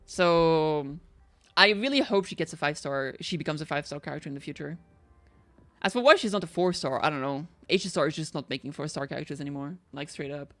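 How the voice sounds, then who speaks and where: A woman's voice: low voice, fairly quick, fairly bright tone, faint music behind. A woman with a French accent, chatting casually and swearing freely while she plays a game. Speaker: streamer playing a game. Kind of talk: casual gameplay commentary.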